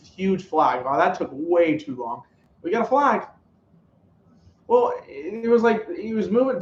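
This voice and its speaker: A man hosting a casual live stream, reacting to a football game and calling plays in an excitable, rambling way. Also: reverberant, muffled recording, a little hiss or hum. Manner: excitable, rambling, pitch jumps on big plays. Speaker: sports live-stream host.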